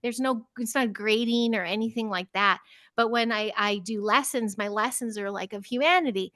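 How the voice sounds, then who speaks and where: Podcast guest: middle-aged woman, high-ish voice, expressive storyteller who does kids' voices, close dry sound. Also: moderate pace, no room sound. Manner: animated storyteller, acts out children's voices, laughs often. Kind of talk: casual interview chat.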